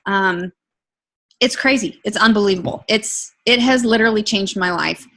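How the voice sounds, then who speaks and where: A woman giving an emotional, earnest personal testimony, talking in a lively storytelling way. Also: medium pitch, moderate pace. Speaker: product testimonial speaker.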